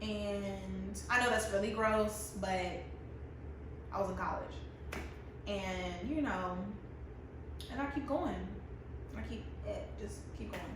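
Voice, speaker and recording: A young woman in her twenties telling a casual, animated story as a vlogger, often laughing and acting out her friends' lines. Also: medium pitch, takes it slowly, pauses often, noisy background. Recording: very echoey room, mic at a distance.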